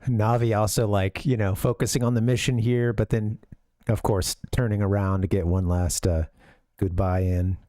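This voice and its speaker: A man's voice: on the low side, little pitch movement, normal speed, warm tone, no room sound. An American man giving casual, rambling commentary as a game streamer, full of fillers and asides. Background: game music.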